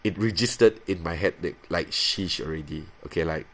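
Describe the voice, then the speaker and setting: In a fairly bright tone, a male podcast host in his thirties confesses casually, his speech halting and wandering with many restarts. He jumps into a high, playful register when doing his own voice.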